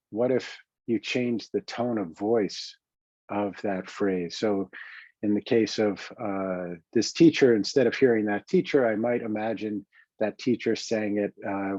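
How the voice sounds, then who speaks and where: A man with a New York accent, a coach talking through self-help exercises in a calm, reflective way with many pauses and restarts. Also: on the low side, no echo, dull audio. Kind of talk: self-help teaching talk.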